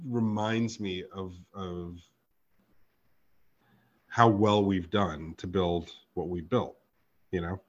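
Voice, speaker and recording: A man's voice: low voice, fairly even intonation, slow pace, pauses often. A man hosting a podcast, telling a story in casual chat. He swears freely and acts out both sides of every exchange. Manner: profane, storytelling with reenacted dialogue. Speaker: podcast host. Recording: dull lo-fi podcast audio.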